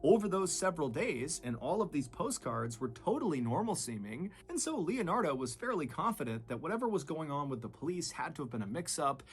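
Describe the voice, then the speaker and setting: A man's voice: big pitch swings, fairly quick, few pauses. Man narrating a true crime story. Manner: dramatic, shifts pitch and loudness for suspense.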